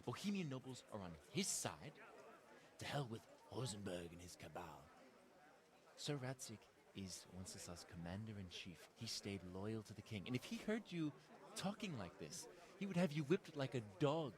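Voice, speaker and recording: A man's voice: on the low side, sing-song, moderate pace. An actor playing a hot-tempered villager loyal to his king, scornful and indignant, with a busy crowd behind.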